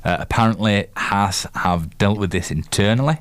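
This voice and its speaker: A young man with a Yorkshire accent, co-hosting a casual sports chat show, talking in halting bursts full of fillers and restarts. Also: low voice, steady tone. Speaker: co-host and quiz master.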